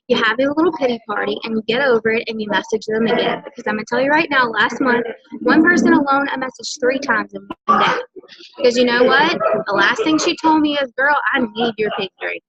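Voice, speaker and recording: A woman's voice: on the high side, fairly quick, muffled recording, crowd noise. A woman leading a sales team, giving an emphatic motivational talk and often checking in with "okay?". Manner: emphatic, coaching, often tags lines with "okay?". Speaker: senior direct-sales team leader.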